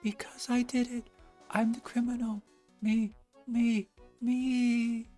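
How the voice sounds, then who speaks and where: A man's voice: level tone, slow, soft background music. A man voicing a panicky young man in a game who shrieks and pleads that he is guilty. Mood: pleading. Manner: shrill, pleading, shouted.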